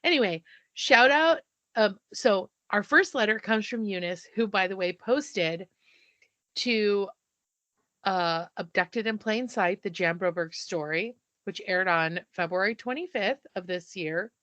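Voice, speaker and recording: A woman co-hosting a podcast in casual chat, with dry, teasing humor and quick asides, bringing up listener letters. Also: medium pitch, fairly bright tone, no room sound. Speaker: podcast co-host.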